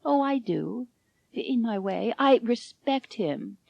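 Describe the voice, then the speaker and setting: A woman voicing an elderly bride, sweet and sentimental, with a high fluttery voice. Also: animated, slow pace, vocal fry, no room sound, highs cut off, full character voice. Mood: tender.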